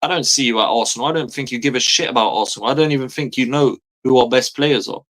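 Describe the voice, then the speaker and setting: A man's voice: medium pitch, fast talker, fairly bright tone. A man, delivering an exasperated, profanity-heavy fan rant as a football streamer, hammering his points home by repeating phrases. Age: 30s.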